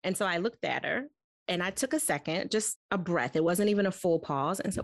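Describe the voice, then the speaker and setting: A woman's voice: fairly low pitch, fairly quick, dry recording. Candid woman guest, dry close sound. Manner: candid, animated, laughs often while telling. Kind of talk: personal storytelling in conversation.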